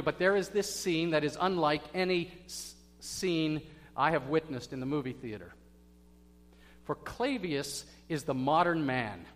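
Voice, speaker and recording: A man preaching a sermon as pastor, telling stories dramatically and swinging from hushed words to loud bursts. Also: on the high side. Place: church sanctuary. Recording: echoey hall with faint hum.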